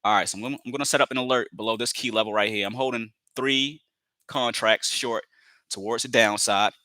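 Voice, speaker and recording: A man's voice: medium pitch, steady tone, brisk, sharp tone, no echo. A man giving live commentary on his trades, repeating phrases, filling with "you know" and calling viewers family as he talks himself into staying patient.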